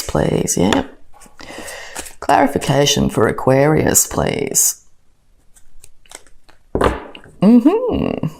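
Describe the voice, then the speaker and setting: A woman giving a casual tarot reading, chatty and full of fillers and restarts. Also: on the low side. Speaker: tarot reader.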